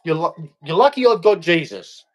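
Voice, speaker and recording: A man's voice: a little high, expressive, normal speed, highs cut off. An angry young Australian man in a heated, repetitive rant aimed at a politician. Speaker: vlogger.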